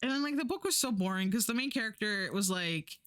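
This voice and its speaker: A woman's voice: medium pitch, animated, fast talker, fairly bright tone, clean tone, dry recording, studio quality. A woman streamer chatting casually, rambling and swearing, acting out the lines she quotes. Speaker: Twitch streamer.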